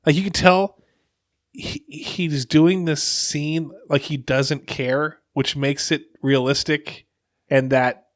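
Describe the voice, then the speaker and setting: A man co-hosting a podcast, chatting casually and asking quick questions. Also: a little high, fairly even intonation, no echo, clean studio sound. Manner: chatty, asks short questions. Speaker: podcast co-host. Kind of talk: casual chat.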